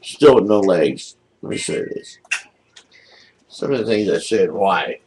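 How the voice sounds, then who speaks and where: An older man ranting angrily to his camera from home, indignant and aggrieved, with a husky voice. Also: sits low, expressive, a little slow, a little mellow, slight background noise, low-quality recording. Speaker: video blogger. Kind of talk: angry webcam rant. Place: home, seated in a wheelchair.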